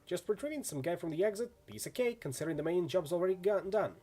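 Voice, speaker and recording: A man voicing a cocky fixer who shrugs off the job as easy, speaking with a warm husky voice. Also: high-pitched, animated, fast. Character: breezy fixer calling a job a milk run.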